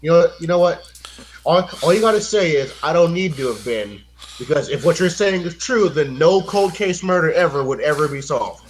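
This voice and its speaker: A man hosting a live stream discussion, blunt, excitable and swearing freely. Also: fairly high pitch, a little fast, a little hiss or hum, rough recording.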